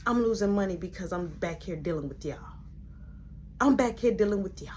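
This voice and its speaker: A woman's voice: mid-range voice, animated, a little fast, a little mellow, lo-fi sound, a little hiss or hum, lightly acted. A woman voicing a stern middle-aged female restaurant manager who scolds in clipped orders.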